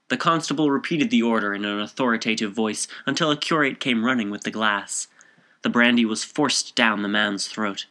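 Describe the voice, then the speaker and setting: A man reading a short story aloud as narrator in a measured, composed way. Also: medium pitch, sharp tone.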